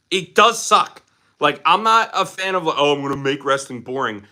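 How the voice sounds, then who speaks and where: A man's voice: a little high, moderate pace, sharp tone. A young man from Philadelphia chatting casually on a live stream, reading viewer questions aloud and answering them. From Philadelphia, USA.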